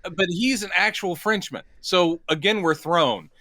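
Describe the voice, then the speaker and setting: A man's voice: sits high, measured pace, sharp tone, no echo. A man co-hosting a casual movie review podcast, making wry jokes and acting out characters. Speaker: podcast co-host.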